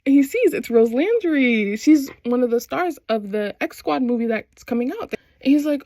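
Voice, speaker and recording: A woman's voice: a little high, animated, normal speed, warm tone, no room sound. A young adult woman in casual chat, recapping a TV show with slangy phrasing and frequent laughs. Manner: chatty, slangy, laughs often while recapping. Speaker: vlogger.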